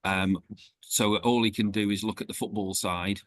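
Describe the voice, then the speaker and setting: Blunt man with a low voice. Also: steady tone, moderate pace, no room sound. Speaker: podcast co-host. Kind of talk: casual football chat.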